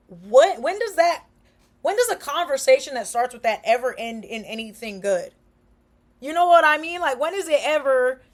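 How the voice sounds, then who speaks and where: High-voiced woman, frank and animated. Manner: frank, animated, slangy, acts out quoted remarks. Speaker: vlogger. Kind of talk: casual talk to camera.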